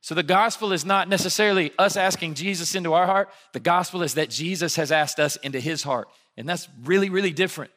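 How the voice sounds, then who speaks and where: A man from Alabama in his thirties, a pastor giving a sermon in a conversational, animated storytelling way. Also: fairly high pitch, quick pace, few pauses.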